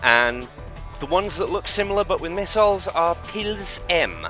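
A man's voice: sits high, animated, normal speed, bright, forceful tone. A man joining as a guest on a game playthrough, chatting and explaining things in a matter-of-fact way. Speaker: co-commentator guest. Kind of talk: casual gameplay chat. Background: game music.

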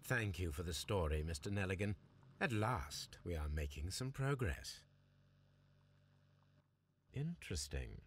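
An actor playing a measured, formal male detective in a game. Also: low voice, expressive, husky, full character voice.

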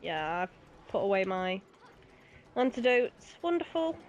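A woman's voice: mid-range voice, big pitch swings, a little slow, muffled recording, a little hiss or hum. A young British woman chatting casually while playing a co-op game, talkative and giggly. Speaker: co-op gaming guest. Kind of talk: casual co-op gameplay chat.

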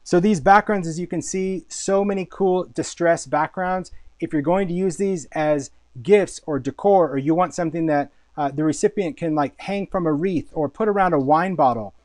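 A man's voice: fairly high pitch, moderate pace, hardly any pauses, a little mellow, no room sound. A man hosting a casual live product showcase, talking with enthusiasm, chatty and often repeating words as he thinks. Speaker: host and product designer.

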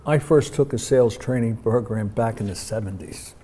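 Brief: male interview host, curious and affirming, mellow dark tone. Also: mid-range voice, moderate pace, slight background noise. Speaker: show host. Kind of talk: conversational interview.

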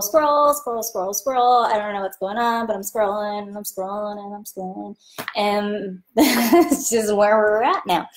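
A woman talking casually about careers and client relationships, chatty and animated, acting out the people she quotes. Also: medium pitch. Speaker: vlogger giving career advice. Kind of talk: casual talk to camera.

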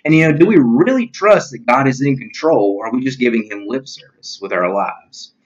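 A man preaching an online sermon as a pastor, earnest and plain-spoken, with a voice that sits at an ordinary middle pitch. He reads scripture and talks it through simply, with frequent "you know"s. The recording is a little muffled and lo-fi. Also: lively intonation, brisk.

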